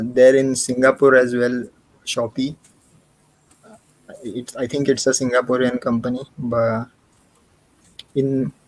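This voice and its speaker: A man's voice: mid-range voice, rough recording. A man from India, co-hosting a casual livestream chat, often hesitating and restarting his sentences. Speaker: co-host.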